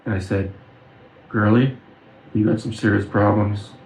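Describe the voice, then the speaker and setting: His voice is lowish, steady and darkish in tone. He creates videos and, in an earnest, intense monologue, shares personal stories of spiritual experiences, using filler pauses as he goes; he hails from the Windsor, Ontario and Detroit area. The recording has room echo and faint background noise.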